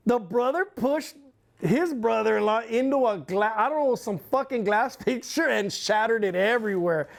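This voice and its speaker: A middle-aged man telling a long story as an interview guest, in casual, profane, rambling speech with lively retellings. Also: high voice, unhurried.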